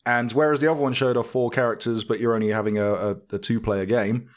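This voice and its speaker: A man's voice: medium pitch, fairly even intonation, fast talker. A man co-hosting a gaming podcast in casual chat, talking with lots of fillers and easy laughter. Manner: chatty, laughs easily, frequent fillers. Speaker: podcast co-host.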